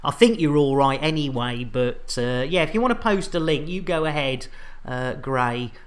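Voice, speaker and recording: Chatting and joking as he reads viewer messages, this English streamer plays a space game live. He speaks in an animated mid-range voice at a moderate pace, full of banter.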